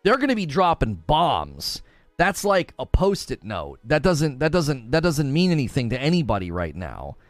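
A man's voice: medium pitch, huge pitch swings, normal speed, no room sound, faint music behind. A man hosting a gaming livestream, reacting to chat in an emphatic, casual way with slangy asides.

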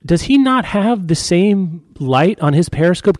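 Man, dry close-miked sound, mid pitch, wry riffing co-host. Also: expressive, darkish tone, dry recording. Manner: wry, joking, quick asides and mock outbursts. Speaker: podcast co-host. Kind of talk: casual film discussion.

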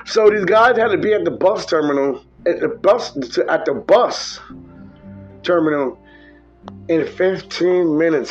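Profane, animated man with lo-fi sound. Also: unhurried, soft background music. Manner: profane, animated, mimics people in high voice. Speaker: podcast host telling driving stories. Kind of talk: casual storytelling.

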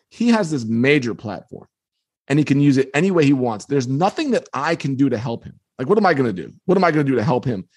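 A man, an author being interviewed, telling a story with energy and quoting others in lively voices. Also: mid-range voice, husky. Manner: quotes others in lively put-on tones. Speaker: author and guest. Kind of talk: animated storytelling.

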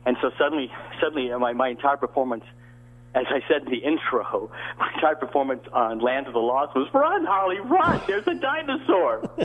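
A man's voice: mid-range voice, steady tone, fairly quick. An older man from the American South, an actor guest telling rambling anecdotes with many restarts over a phone-like line. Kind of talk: casual interview storytelling.

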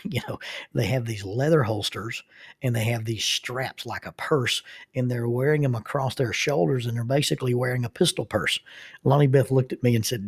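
A man's voice: medium pitch, moderate pace, vocal fry, husky, no echo, studio quality. A middle-aged man with a Southern accent, telling folksy, self-deprecating travel stories with laughter. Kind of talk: casual storytelling.

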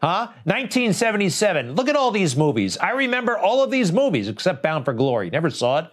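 A man's voice: high voice, sing-song, fast. A man hosting a commentary show, talking over clips in an indignant, sarcastic, conversational way.

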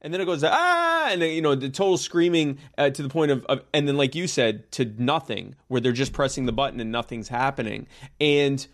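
A man's voice: mid-range voice, steady tone, fairly quick. A man hosting a casual podcast, making his point earnestly and often repeating words as he builds it. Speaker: podcast host.

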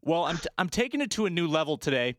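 A man with a hoarse, raspy voice hosting a sports talk show and quizzing his guest in an upbeat way. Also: on the high side, big pitch swings, fast talker, a bit bright, no echo, studio quality. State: hoarse from yelling. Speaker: sports podcast host. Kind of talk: casual sports talk and quiz.

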